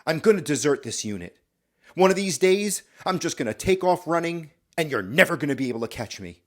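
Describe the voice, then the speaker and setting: A man's voice: medium pitch, lively intonation, fast talker, close to an everyday voice. Man voicing a young army private, fed up, desperate, blurting.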